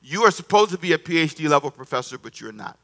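A man preaching a sermon in an animated, conversational way, repeating himself and calling on the congregation to answer. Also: on the high side, fast. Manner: animated, repetitive, conversational preaching with call-and-response. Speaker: pastor.

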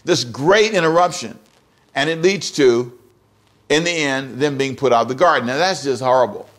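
A man's voice: mid-range voice, normal speed, fairly bright tone. A man preaching a sermon as pastor, emphatic and repetitive, often asking the congregation direct questions.

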